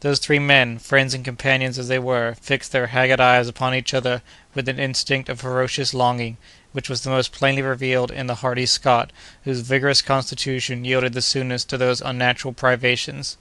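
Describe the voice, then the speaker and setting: A man reading a classic adventure novel aloud in a steady, measured narration. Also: medium pitch, clear, resonant tone, no room sound. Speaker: audiobook narrator. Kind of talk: scripted narration.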